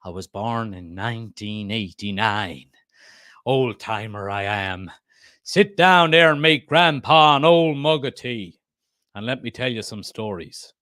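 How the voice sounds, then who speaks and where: A man voicing an old-timer grandfather with a Southern American accent, drawling slowly as he offers to tell stories. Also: fairly low pitch, bright, forceful tone, no echo, clean studio sound, voice pushed down. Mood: folksy.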